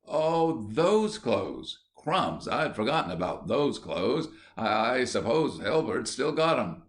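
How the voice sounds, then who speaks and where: A man voicing a cheeky, stubborn eleven-year-old schoolboy with quick, indignant complaining, in an audiobook reading. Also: medium pitch, very animated. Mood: aggrieved. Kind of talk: audiobook character voice.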